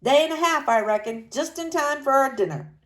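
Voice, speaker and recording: A woman's voice: high-pitched, expressive, fairly quick, pitched above the performer's own voice. A woman voicing a blunt frontier rancher in a storybook, speaking plainly. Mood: plainspoken.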